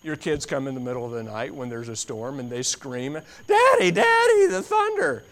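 A man preaching a sermon in an emphatic way, repeating phrases for stress and swinging from quiet to loud. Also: medium pitch, fairly even intonation, brisk. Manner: builds from quiet to loud, dramatic.

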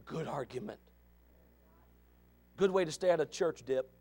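A male pastor preaching a fiery sermon, swinging from shouts to low asides. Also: measured pace, pauses often.

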